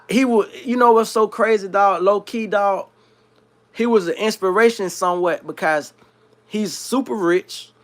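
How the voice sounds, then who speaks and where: A man from South Florida hosts a livestream and tells a long story in loose, slang-heavy casual talk. His voice sits a bit higher than most men's, and he rambles in an animated way. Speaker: livestream host.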